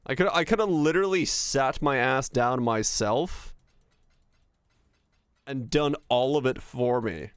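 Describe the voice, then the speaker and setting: A man's voice: medium pitch, a little slow, pauses often, clean tone, no room sound, clean studio sound. A young man streaming live, chatting casually with viewers, ranting and swearing freely as he talks.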